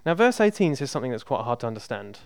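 Preacher with a smooth, resonant voice. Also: male voice, medium pitch, sing-song, quick pace, no echo. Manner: conversational, emphatic, repeats for emphasis. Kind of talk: sermon.

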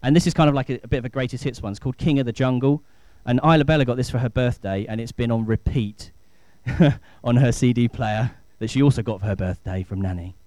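A man's voice: medium pitch, quick pace, warm tone, no room sound. A man in his thirties, a pastor giving a chatty, enthusiastic family talk in church. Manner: chatty, enthusiastic, rising to emphatic.

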